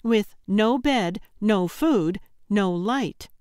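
Exasperated young woman hiker, frightened, higher pitched, loud, smooth, as a woman narrator does her. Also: animated, very slow, no echo, clean studio sound. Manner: exasperated, defensive.

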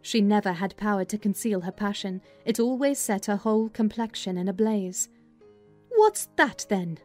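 A woman narrates a dramatized audiobook of a classic novel in a measured, expressive storytelling style. Her voice is medium-pitched, with soft music in the background.

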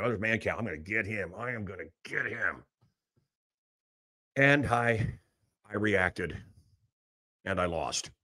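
A man hosting a live talk show from a small studio, ranting in an animated, mocking way. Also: medium pitch. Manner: animated, mocking, mimics voices. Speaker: radio host. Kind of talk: ranting monologue.

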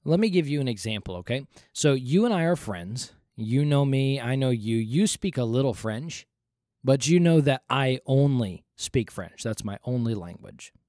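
A man's voice: mid-range voice, lively intonation, normal speed, dark tone, no echo, clean studio sound. A man hosting a podcast, explaining Bible questions in an earnest, conversational teaching style and repeating his points for emphasis. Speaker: podcast host.

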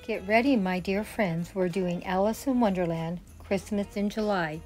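A woman's voice: mid-range voice, moderate pace, darkish tone, faint music behind. An older woman chatting in a friendly way as a home decor vlogger. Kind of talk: casual decorating vlog.

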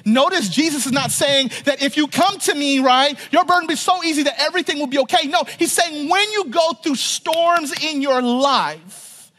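A male pastor delivering a sermon, often pausing to ask the congregation to finish a phrase, repeating and restarting words, and swinging from emphatic to hushed. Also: very high voice. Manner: asks the congregation to fill in words, frequent "right?"; stumbles and repeats words while talking freely.

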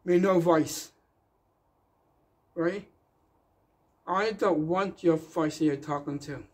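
A man's voice: on the high side, slow pace. A man delivering a rambling, defiant rant in a slightly raised voice. He hammers his points and circles back to them with insistent emphasis.

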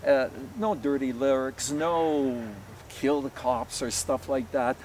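A man's voice: medium pitch, slow, a little mellow, far from the mic, slight background noise. A man from Canada, a polka musician, telling stories in a casual interview with many fillers. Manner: rambling, anecdotal, with many fillers.

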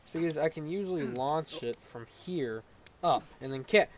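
A man playing a game on a video, commenting as he goes and yelling in frustration when he falls. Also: on the high side, a little fast, a little hiss or hum. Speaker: gaming YouTuber.

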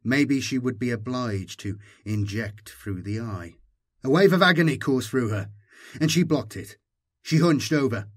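Slow, measured male audiobook narrator. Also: mid-range voice, animated. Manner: measured, dramatic reading. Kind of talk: scripted narration.

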